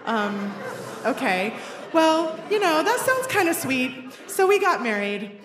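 A woman of forty telling a personal story at a live show, wry and self-deprecating with lively comic timing. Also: high voice, a little slow, loud music behind the voice. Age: 40s. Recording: roomy echoey venue sound.

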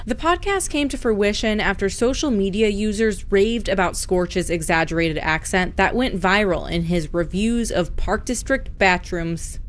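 A woman's voice: medium pitch, a little slow, hardly any pauses, a little hiss or hum. Woman reporter, radio news narration, mid-range voice, faint ambience.

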